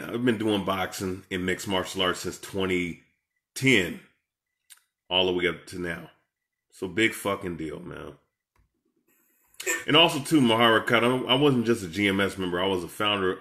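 A man's voice: low voice, moderate pace, bright, forceful tone. A man giving heated, profane reaction commentary as an online preacher, confronting and scolding his rivals. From Seattle, USA.

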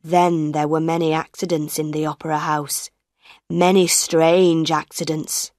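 A shrewd old woman speaks in a low, hushed, secretive way, as a woman reader puts her on. The delivery is slow and deliberate. The sound is dry and close. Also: little pitch movement, no room sound. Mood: ominous. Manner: low, secretive, drops to a whisper. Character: old woman, shrewd and knowing, warning of a ghost.

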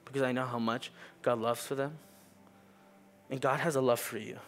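A man's voice: medium pitch, fairly even intonation, normal speed, a bit bright, soft background music. A young man preaching a sermon in a church, casual and joking, with many fillers. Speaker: youth preacher, pastor's kid. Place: church sanctuary.

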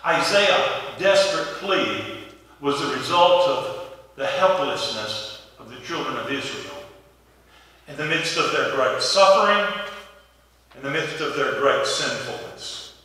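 A man's voice: medium pitch, animated, slow pace, pushed and bright. A man preaching a sermon, telling stories in a folksy, conversational way. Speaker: pastor. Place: church sanctuary. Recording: echoey hall from far off.

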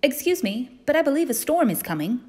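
A woman doing a polite little bookworm bunny boy in a storybook, higher and quick, keen to get back to reading. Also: very animated, darkish tone. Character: bookish young boy pirate bunny, polite.

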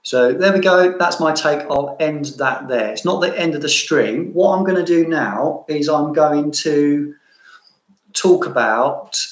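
A man from southeast London with a London accent softened by Cambridge, chatting casually and self-mockingly to viewers as he answers their questions, laughing often. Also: a little high, measured pace, roomy sound, poor audio. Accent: London with a bit of Cambridge. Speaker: fragrance vlogger.

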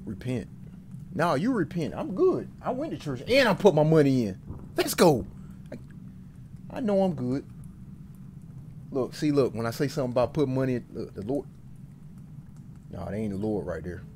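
A man streaming a horror game, jittery, talking back to it and insisting he is not scared, swinging between loud outbursts and low muttering. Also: sing-song, normal speed, long pauses, a little hiss or hum. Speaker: gaming streamer.

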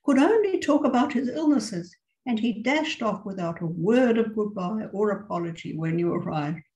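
A woman's voice: mid-range voice, expressive, normal speed, a little mellow, reverberant, highs cut off, close to an everyday voice. A woman reading as a cheerful bustling aunt. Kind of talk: reading a story aloud.

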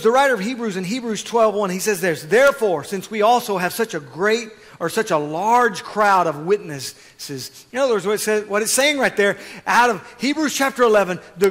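A man preaching a sermon as pastor, swinging from quiet asides to loud, fervent exhortation. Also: high voice, big-room sound.

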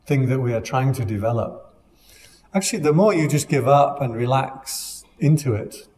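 In a long, echoing hall, a man teaching meditation offers a calm dharma talk in a conversational style. His medium-pitched voice is mellow and soft-edged with gentle humor, and there is slight background noise.

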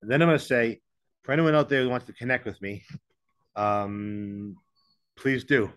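A man's voice: mid-range voice, moderate pace, a bit bright, clear, resonant tone. Guy on a video call, blunt and rambly, pokes fun at himself. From English-speaking, living in Mexico. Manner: frank, rambling, self-deprecating. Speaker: interview guest, author. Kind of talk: candid conversational interview.

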